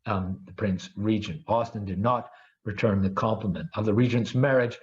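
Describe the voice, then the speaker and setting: A man gives an academic lecture in a low voice, keen on his subject and often stumbling into fillers and restarts. The audio is dull and lo-fi, as from a video call. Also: moderate pace, a little mellow. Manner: enthusiastic, with frequent fillers and restarts.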